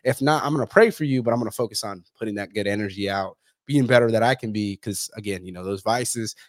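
Man, podcast host, rapid blunt casual talk, swears freely, dry sound. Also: fairly low pitch, no room sound. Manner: blunt, swears freely, says "bro" and "dude". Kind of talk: casual chat.

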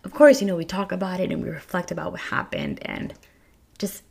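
A young woman and new mother speaks in a lowish, creaky, husky voice with a slightly mellow quality, her pitch swooping wildly and her pace a little quick. She tells viewers her birth story casually and candidly, addressing them directly. She stumbles and repeats words when emotions rise, becoming tearful at times.

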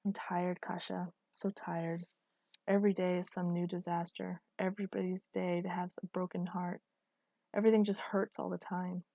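A woman narrator voicing a worn-out, aging man who speaks gently and softly. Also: fairly low pitch, flat delivery, moderate pace, no room sound. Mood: weary.

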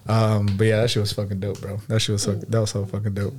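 A man chatting casually with friends, relaxed and profane in quick back-and-forth. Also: fairly low pitch, slight background noise. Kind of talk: casual chat.

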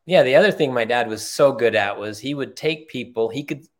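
An older man, a retired executive appearing as a podcast guest, tells heartfelt stories in an earnest, conversational way. His medium-pitched voice is brisk, and he repeats phrases for emphasis.

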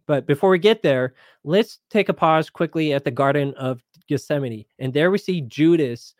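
A man's voice: on the high side, no room sound, clean studio sound. A man hosting a live Bible question show, explaining verses in a casual, conversational way and paraphrasing scripture in everyday speech. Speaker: Bible teacher host.

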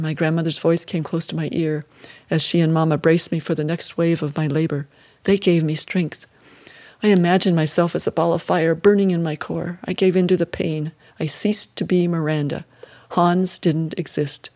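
Low-voiced woman narrating a story. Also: flat delivery, moderate pace, a little mellow. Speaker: audiobook narrator. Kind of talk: first-person scripted narration.

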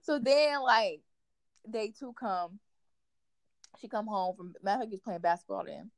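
A young adult woman hosting a casual chat, telling stories in an animated way with plenty of "like". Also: mid-range voice, normal speed, no echo. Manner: animated storyteller, fills talk with "like". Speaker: podcast host.

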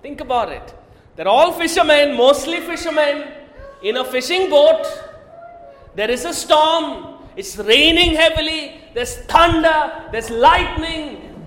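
A man's voice: extremely high pitch, slow, fairly bright tone. A man preaching a sermon, asking the congregation questions and often raising his voice for emphasis. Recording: echoey hall.

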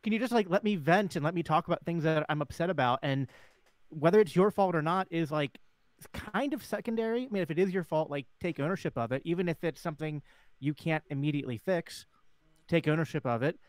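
A man's voice: a little high, fairly quick, no room sound. A man co-hosting a casual panel chat, speaking earnestly and reflectively with frequent restarts. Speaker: podcast co-host.

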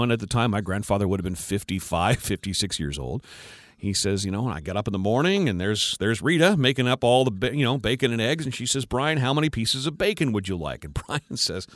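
A man's voice: medium pitch, no echo, clean studio sound. A man, a radio co-host telling a family anecdote and acting out the voices in it. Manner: animated storyteller acting out voices. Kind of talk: casual radio chat.

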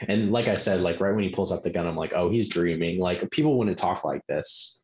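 A deep-voiced man talks through a film in loose, rambling sentences, leaning on "like" again and again. His voice sits in a roomy, slightly muffled recording with faint hiss underneath. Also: fairly quick, a little mellow. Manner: rambling, heavy use of filler "like". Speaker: podcast co-host. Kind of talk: casual film discussion.

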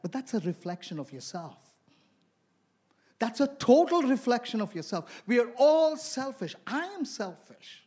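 A man's voice: very high-pitched, sing-song, moderate pace, a little mellow, husky. A man from India preaching a sermon, telling stories and asking the congregation questions.

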